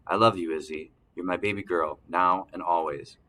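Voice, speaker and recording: A man reading an audiobook, voicing a middle-aged mother who speaks tenderly and softly pleads. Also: low voice, normal speed, a little hiss or hum.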